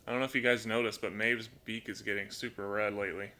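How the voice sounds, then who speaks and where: Chatty low-voiced man live-streaming at home. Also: level tone, fast, hardly any pauses, a little hiss or hum. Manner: chatty and rambling, reads donor comments aloud, talks softly to his bird. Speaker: live-stream host and toucan owner. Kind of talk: casual live-stream chat. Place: at home indoors.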